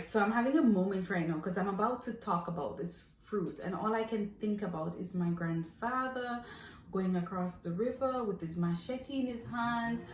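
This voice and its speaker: Lively Jamaican woman reminiscing, echoey room. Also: mid-range voice. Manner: animated, laughing, reminiscing storyteller. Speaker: vlogger. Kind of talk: casual chat. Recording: echoey room, faint noise.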